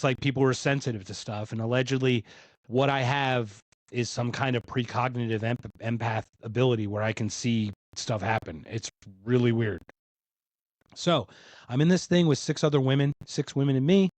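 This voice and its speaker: Animated man telling a story. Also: medium pitch, no room sound. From Philadelphia. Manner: animated, acts out other people's lines. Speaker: podcast guest. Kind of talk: casual storytelling.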